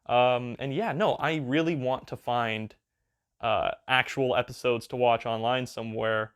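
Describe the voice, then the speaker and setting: A man's voice: medium pitch, steady tone, unhurried, smooth. Rambling, crude-joking man. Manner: crude, joking, hyperbolic, with lots of fillers. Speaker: video creator. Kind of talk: casual rambling commentary.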